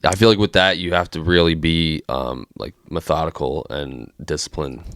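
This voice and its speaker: Low-voiced relaxed man, casual cusser, recorded dry and close. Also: moderate pace, no room sound. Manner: laid-back and profane. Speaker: podcast co-host. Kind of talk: casual chat.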